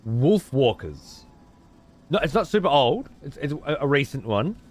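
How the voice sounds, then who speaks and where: Unhurried and sing-song, this medium-pitched man streams a game as a let's play streamer. His commentary is casual, full of swearing, and he responds to his chat as he plays.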